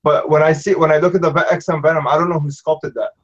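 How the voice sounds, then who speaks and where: A man's voice: on the high side, little pitch movement, fast. Rambling man, lo-fi sound. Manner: rambling, repeats "you know what I mean". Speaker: panel collector. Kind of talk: casual panel chat. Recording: dull lo-fi sound.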